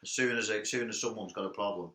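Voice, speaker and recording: A man's voice: on the low side, quick pace, fairly bright tone. A man as a guest in a casual chat, making dry joking asides. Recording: echoey room.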